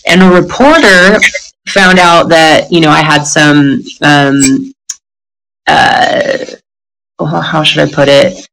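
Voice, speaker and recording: Blunt, bright-voiced woman telling stories. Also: sits low, slow pace, rough recording. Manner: blunt, profane, laughing storyteller. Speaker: guest telling her recovery story. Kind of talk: candid podcast conversation.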